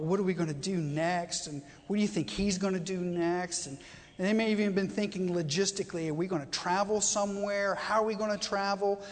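Brief: guest preacher, mid-pitched voice, chatty sermon, repeats himself, throws questions to the pews, reverberant sanctuary. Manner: conversational, repetitive, asks the congregation questions. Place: church sanctuary. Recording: long reverb of a church hall.

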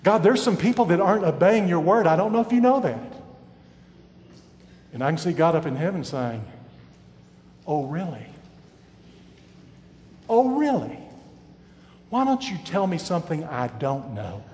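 A man preaching a sermon, his voice swinging from loud and emphatic to quiet and hushed. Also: fairly high pitch, sing-song, normal speed, pauses often, long reverb tail.

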